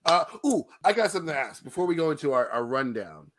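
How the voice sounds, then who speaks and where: A man co-hosting a podcast in casual chat, who laughs often and talks in a loose, animated way. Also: fairly high pitch, quick pace, dry recording. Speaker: podcast co-host.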